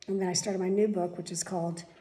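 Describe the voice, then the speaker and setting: A woman's voice: lowish voice, flat delivery, fast talker, warm tone. A middle-aged woman chatting casually in a daily vlog, rambling and candid, with the odd swear word. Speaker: vlogger.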